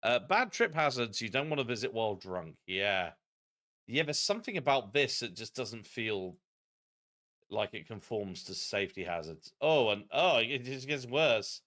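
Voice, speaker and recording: A man streaming a geography game, chatting in an animated, self-deprecating way. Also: mid-range voice, moderate pace. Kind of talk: live-stream game commentary.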